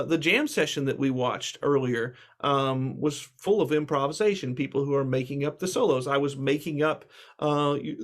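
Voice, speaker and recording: Relaxed man lecturing on music. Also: a little high. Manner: casual, reassuring teacher, frequent fillers. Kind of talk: relaxed spoken lecture with instrument demos. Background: guitar playing.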